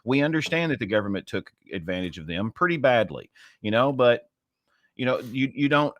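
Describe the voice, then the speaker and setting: Impassioned man, lively swinging pitch. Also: moderate pace, no echo, studio quality. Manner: impassioned, storytelling with emphatic swings. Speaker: co-host. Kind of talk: casual political chat.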